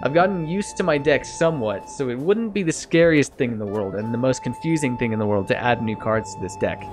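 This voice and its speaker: A man streaming a video game, thinking aloud in a casual, self-mocking way and getting easily excited. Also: medium pitch, a little fast, over music. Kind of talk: casual let's-play commentary.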